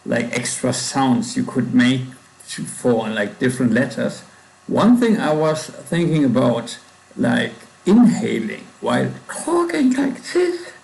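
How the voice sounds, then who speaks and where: A young man with a German accent talks to himself while he codes, slow and unhurried. His voice has a gravelly, creaky edge, and he often trails off and corrects himself mid-thought. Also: mid-range voice, a little mellow, poor audio. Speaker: coding livestream host. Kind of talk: thinking aloud while coding.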